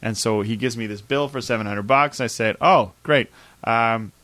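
A man's voice: mid-range voice, moderate pace, a bit bright, no echo. A man in his thirties from Canada, telling a story in a casual chat, acting out quoted voices and laughing often. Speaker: podcast co-host.

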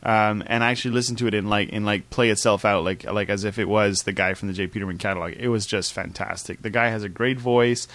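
A man co-hosting a casual podcast chat, enthusiastic but halting, with many fillers. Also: lowish voice, steady tone, fairly bright tone, dry recording. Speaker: podcast co-host.

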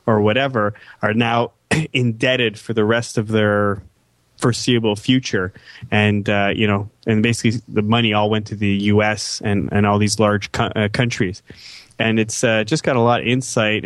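Low-voiced rambling male podcast host. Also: no room sound. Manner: rambling, repeats words often. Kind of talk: casual chat.

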